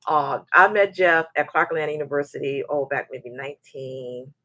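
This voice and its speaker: This woman in her forties hosts a livestream, mixing casual chat with a lively story delivered in a low voice at a moderate pace. The recording is dry. Animated throughout, she often starts sentences over, doubling words, and slips into character for quoted lines.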